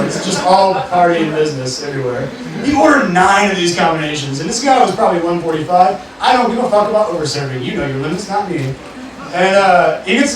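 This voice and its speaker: A young man from the Mississippi Gulf Coast performing a casual, profane stand-up set full of fillers, in a bar with a live audience. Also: high voice. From Mississippi Gulf Coast, USA. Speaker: stand-up comedian. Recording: echoey, distant, noisy live bar recording. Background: room ambience and crowd noise.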